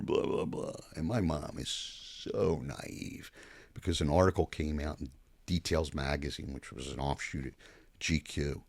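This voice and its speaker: An older man, a podcast guest, telling stories in a blunt, profane, animated way. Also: a bass voice, measured pace, no room sound. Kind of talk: casual storytelling chat.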